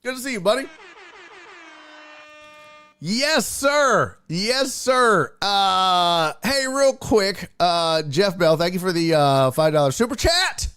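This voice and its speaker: A man hosting a casual sports livestream, spinning jokey stories and reading viewer chat aloud. His voice sits a bit high and swings widely in pitch as he takes his time. The sound is dry and close, with no room around it. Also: sing-song, slow pace, fairly bright tone, clear, resonant tone, no room sound, faint music behind. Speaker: sports and entertainment show host.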